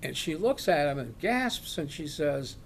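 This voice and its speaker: An older man, a retired law professor, slowly telling a personal story and acting out the shouts in it. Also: fairly high pitch, gravelly, slight background noise. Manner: slow, animated storyteller acting out quoted shouts. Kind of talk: oral history storytelling.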